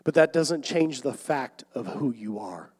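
A young man preaching a sermon, swinging between loud emphatic calls and quiet asides. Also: medium pitch, lively intonation, a little slow, slightly rough. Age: young adult. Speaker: pastor. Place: church sanctuary. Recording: long hall reverb.

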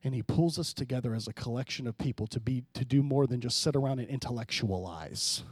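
A man pastor preaching a sermon, swinging between hushed, low passages and loud, emphatic rises, often calling out to the congregation. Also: a little fast, husky, dry recording, studio quality. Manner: preaching with sudden drops to quiet and loud rises, calls to the congregation.

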